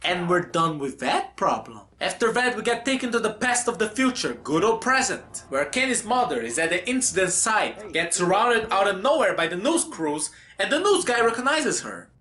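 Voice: medium pitch, normal speed, hardly any pauses. A movie reviewer talking through a film with sarcastic commentary. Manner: sarcastic, animated.

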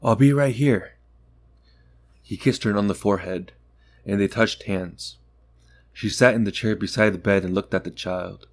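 A man reading a short story aloud in calm, unhurried scripted narration. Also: fairly low pitch. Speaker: audiobook narrator.

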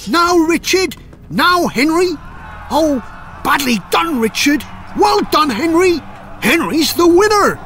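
A man voicing a simple, fearful young ploughboy who calls out in a raised, high voice. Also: animated, slow, a bit bright, soft background music, heavily acted. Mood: excited.

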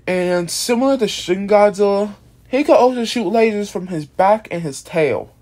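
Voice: medium pitch, animated, normal speed, darkish tone. Rambling, swearing, tired monster-character explainer. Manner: rambling, restarts often, swears casually. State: tired, yawning. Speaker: video creator presenting an original monster character. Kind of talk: casual unscripted explainer.

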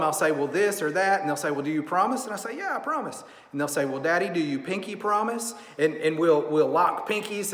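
A man's voice: high-pitched, a bit bright. A man in his thirties preaching a sermon as pastor, talking in a conversational way with frequent restarts and asides. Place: church sanctuary. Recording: echoey church hall.

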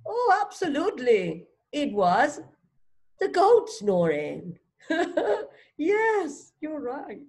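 A woman reading a phonics storybook aloud as a teacher, slowly sounding out words, asking questions and praising a child. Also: sits high, huge pitch swings, a little mellow. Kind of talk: slow read-aloud lesson for a child.

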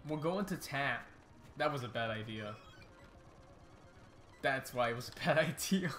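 A young man hosting a casual let's-play, excitable and rambling, often restarting his sentences. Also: medium pitch, a little slow, slight background noise. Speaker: YouTube gaming host.

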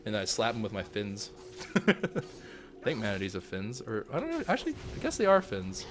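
Excitable man yelping over gameplay. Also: brisk, soft background music. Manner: excitable and goofy, with sudden high yelps and shouts. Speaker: gaming channel host. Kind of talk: casual gameplay commentary.

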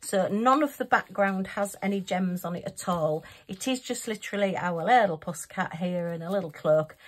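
A woman's voice: medium pitch, normal speed. A woman hosting a craft channel, chatting through a casual unboxing review, giggly and poking fun at herself. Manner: chatty, giggly and self-mocking.

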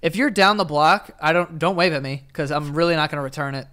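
A man's voice: fairly high pitch, fast, bright, forceful tone, a little hiss or hum. Laid-back man from New York, chatting. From Astoria, Queens, New York. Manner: laid-back, profane, dry. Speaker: podcast co-host. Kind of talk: casual chat. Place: indoor podcast studio.

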